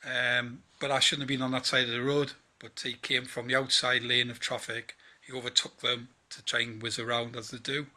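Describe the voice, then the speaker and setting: A man's voice: mid-range voice, level tone, moderate pace, few pauses, pushed and bright. A man, rambling through a casual spoken diary and sounding tired. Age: 40s. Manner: rambling, chatty, quotes others in conversation. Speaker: vlogger.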